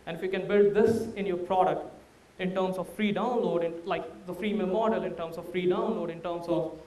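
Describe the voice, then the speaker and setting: A man's voice: high-pitched, steady tone, fairly quick, a little mellow, roomy sound, recorded from a distance. A man with an Indian accent, a startup founder giving a candid, anecdote-filled talk to an audience. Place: large room before a live audience.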